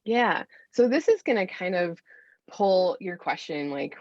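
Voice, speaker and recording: A woman in her thirties speaks as a podcast guest, earnest and encouraging, addressing listeners directly. Her voice sits a little low. The recording is dry and somewhat dull. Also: animated, measured pace, dry recording. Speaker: podcast guest, anger coach for mothers. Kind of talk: casual podcast interview.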